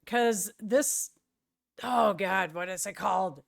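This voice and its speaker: A woman's voice: medium pitch, takes it slowly, vocal fry, dry recording, clean studio sound. A middle-aged woman streaming live, chatting casually with viewers in a rambling way and often searching for words.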